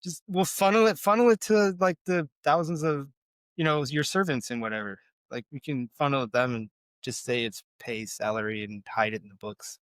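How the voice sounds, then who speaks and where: A man's voice: mid-range voice, normal speed, a bit bright, dry recording. A man, co-hosting a podcast in rambling, self-deprecating casual chat. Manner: rambling, self-deprecating, with many fillers and restarts. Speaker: podcast co-host.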